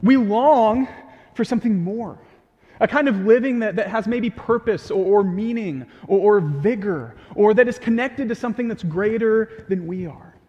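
Young male pastor, sermon, high voice, earnest and animated, long reverb of a church hall. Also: normal speed, lo-fi sound. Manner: earnest, animated preaching with audience asides. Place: church sanctuary.

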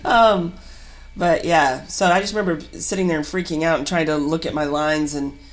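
A woman actor telling a story in a casual podcast chat, animated and laughing between bursts of excitement. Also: deep voice, brisk. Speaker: guest actor.

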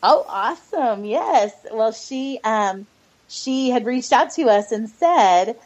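A woman's voice: fairly high pitch, lively intonation, slow, darkish tone. A middle-aged woman guest telling a heartfelt faith story in an earnest, hesitant way, full of fillers and near tears. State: close to tears. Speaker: podcast guest, adoptive mother. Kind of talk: personal faith testimony. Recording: dull lo-fi audio.

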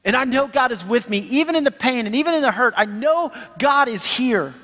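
Brief: man playing an anguished but trusting sufferer, high, earnest. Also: lively intonation, fairly quick, a bit bright, long reverb tail, exaggerated voice. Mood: pleading. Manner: earnest, pleading. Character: suffering faithful man, pleading yet trusting.

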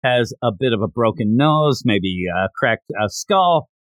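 Podcast guy rambling about a comic, bouncy lively voice, dry sound. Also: medium pitch, a little slow, no room sound. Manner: animated, rambling retelling with lots of fillers. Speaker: podcast host. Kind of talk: casual chat recapping a comic.

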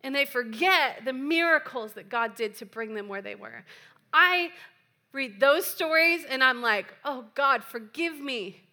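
A woman's voice: high voice, expressive, a little slow, bright, forceful tone. A woman pastor preaching a sermon in a chatty, playful way with joking asides. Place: church.

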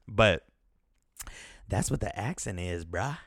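A man's voice: deep voice, expressive, slow, creaky, long pauses, a bit bright, dry recording, clean studio sound. A man in his thirties hosting a casual podcast, rambling, swearing freely and laughing as he goes. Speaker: podcast host. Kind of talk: casual chat.

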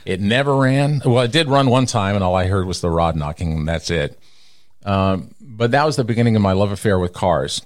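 A middle-aged man from Texas, telling stories as an interview guest and acting out the people he quotes. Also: fairly quick. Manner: animated storyteller who acts out quoted people with big pitch jumps. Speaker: radio personality, interview guest. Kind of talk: storytelling in an interview.

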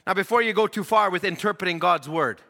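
A man's voice: sits high, fast, sharp tone. A man preaching a sermon earnestly, building emphasis through rhythmic repetition. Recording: long reverb of a church hall.

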